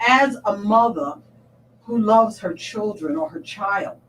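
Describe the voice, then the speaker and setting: A woman's voice: medium pitch, expressive, slow, a bit bright. A woman hosting a talk show, affirming and encouraging her guest in a preacherly way. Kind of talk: supportive talk-show chat. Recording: distant mic with faint noise.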